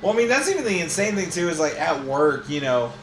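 A man's voice: fairly high pitch, very animated, quick pace, fairly bright tone. Ranting young man in an echoey room. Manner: ranting, swearing. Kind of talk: casual podcast chat. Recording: echoey room, faint noise.

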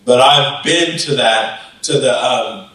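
Animated preacher in an echoey church. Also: male voice, medium pitch, slow pace, recorded from a distance. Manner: animated preaching, acting out voices of the disciples. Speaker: pastor. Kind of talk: sermon. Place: church sanctuary. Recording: echoey church hall, off-mic.

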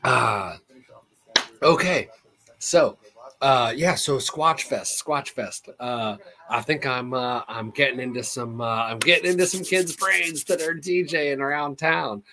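Unhurried, laughing male podcast host. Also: medium pitch, slight background noise. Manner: laughing, swearing, excitable. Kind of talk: casual chat.

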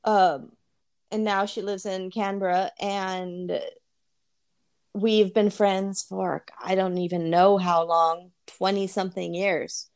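A woman's voice: medium pitch, little pitch movement, slow, darkish tone. A woman co-hosting a podcast in casual chat, laughing often and repeating words as she talks. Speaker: podcast co-host.

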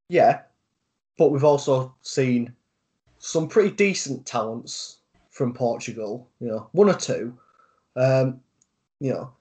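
A man's voice: mid-range voice, a little mellow. Hesitant man talking football. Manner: hesitant, many fillers, measured. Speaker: podcast co-host. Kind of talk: casual football chat.

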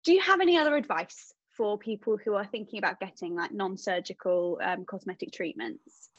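A woman's voice: mid-range voice, fairly quick, no room sound. A woman hosting a podcast, chatting casually, recapping points and asking her guest questions. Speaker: podcast host. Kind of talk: casual interview chat. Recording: dry, dull sound.

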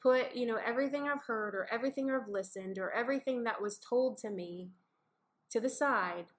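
With a fairly high voice and a brisk pace, a mother co-hosting a family faith podcast talks about faith in a relaxed conversation. She's earnest and reflective, bringing little scenes to life by acting out quotes vividly.

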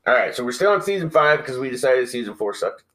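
Male podcast co-host, loose and profane, jokey storyteller, medium pitch. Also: very animated, fast, sharp tone, rough recording. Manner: profane, joking, mocks old-timey speech. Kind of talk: casual chat.

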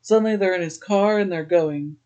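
Mellow, higher-voiced male podcast host. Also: a little fast. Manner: loose retelling, reads out quoted dialogue. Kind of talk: casual episode recap.

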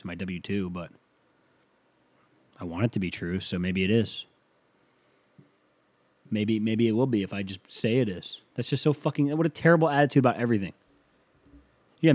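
A man's voice: lowish voice, darkish tone. A man hosting a solo comedy podcast, delivering a rambling, sarcastic monologue full of swearing. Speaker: podcast host.

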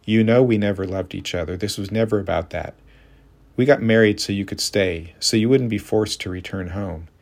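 Her words pushed out with exasperated force, a fed-up, weary woman in her thirties is voiced by a male audiobook narrator. He keeps his deep voice slightly raised at normal speed, reading steadily like a storybook rather than fully acting the character.

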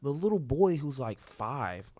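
A man telling a casual story among friends, animated and profane, breaking into high-pitched impressions. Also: measured pace.

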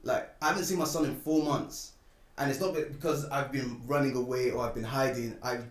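A young man recounts a personal story in a relaxed, conversational way. He sounds set back from the mic in a roomy space, and his voice jumps up sharply when he gets indignant. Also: medium pitch, fairly quick, distant mic. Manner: animated, rising and loud when indignant. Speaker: guest telling a personal story. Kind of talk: casual storytelling chat.

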